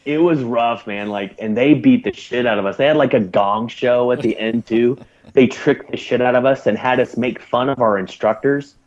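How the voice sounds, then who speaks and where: A man's voice: medium pitch, normal speed, dull audio. A man in his thirties, a former Navy corpsman, telling a profane story animatedly as a guest on a casual podcast. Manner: profane, animated anecdote telling with put-on quotes.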